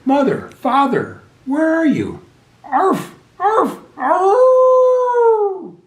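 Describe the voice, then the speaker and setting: A man's voice: big pitch swings, normal speed, darkish tone. A man doing a frightened little puppy girl. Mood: distressed. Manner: worried, squeaky and whimpering. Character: anxious little female puppy. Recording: echoey room.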